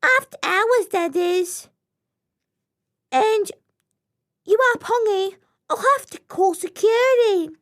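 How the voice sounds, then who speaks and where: A prim little goby fish with a posh, sniffy way of talking, as a woman reads her. The voice sits very high and bright, clipped and looking down on everyone. A storybook creature full of disdain. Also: lively intonation, slow, pauses often, exaggerated voice. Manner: haughty, disdainful.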